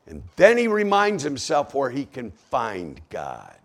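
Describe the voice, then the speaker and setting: A man preaching a sermon, swinging from hushed asides to shouted cries as he acts out the psalmist. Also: mid-range voice, huge pitch swings, slow pace, few pauses.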